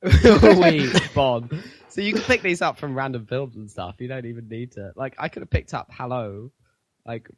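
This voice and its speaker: A man's voice: medium pitch, normal speed, no room sound. A man co-hosting a casual gaming podcast, rambling with fillers and laughing a lot. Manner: rambling, giggly, trails off with fillers. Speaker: podcast co-host. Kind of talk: casual chat.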